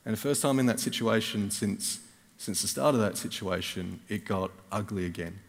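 A man's voice: on the low side, normal speed, gravelly. Australian man preaching in an echoey hall. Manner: animated storytelling with wry self-mocking asides. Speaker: guest preacher. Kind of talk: storytelling sermon. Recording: reverberant church hall.

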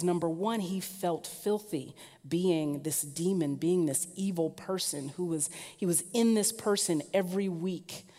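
Woman preacher, lower-pitched voice, animated sermon delivery, long hall reverb. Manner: lively storytelling, rising in pitch and force when emphatic.

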